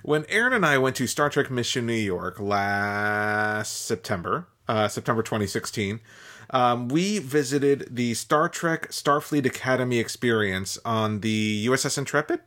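A man's voice: medium pitch, expressive, measured pace, bright, forceful tone. A man co-hosting a podcast in casual chat, wry and laughing often between lines. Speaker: podcast co-host.

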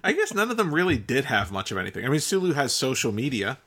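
A man co-hosting a podcast in a relaxed, wry way, sometimes reading details aloud as he chats. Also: mid-range voice, fast talker, husky. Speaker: podcast co-host. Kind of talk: casual chat.

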